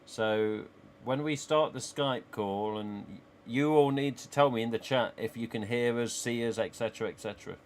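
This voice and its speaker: Chatting with viewers from a small home office, this East Midlands man rambles through a casual live stream and laughs a lot. He speaks at normal speed in a mid-range voice with few pauses, over slight background noise.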